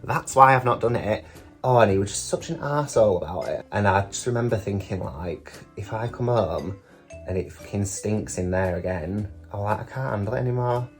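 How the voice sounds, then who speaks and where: With a lowish, darkish voice, this young man from the UK, a drag queen vlogger, chats through casual stories, full of fillers like "like" and cursing freely.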